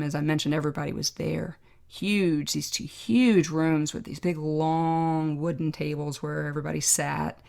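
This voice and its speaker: Low gravelly lady podcast host, middle-aged, tells her own story slow and emotional. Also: darkish tone. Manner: reflective, emotional, pausing to remember. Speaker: podcast host, trauma doctor. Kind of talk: personal storytelling monologue.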